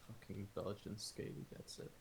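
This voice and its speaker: Man, low voice, dry laid-back remarks, casual gaming chat, faint background hiss. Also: normal speed, vocal fry. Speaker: gamer chatting with friends.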